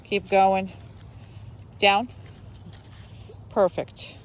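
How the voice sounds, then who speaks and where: A dog trainer giving a live training lesson outdoors, mixing short commands with calm explanations and sing-song praise. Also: medium pitch. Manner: brisk short commands mixed with coaching explanations.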